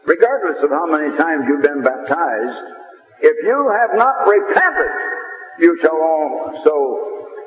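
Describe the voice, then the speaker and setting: A man's voice: on the high side, very animated. Man preaching over tinny old radio. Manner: reads scripture in slow, measured emphasis, with pauses and "uh". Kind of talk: sermon. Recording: tinny old radio broadcast with long echo.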